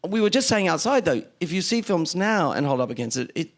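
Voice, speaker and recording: An Australian man, a film director, telling stories in a lively, quick way onstage. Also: on the high side. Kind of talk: onstage conversation.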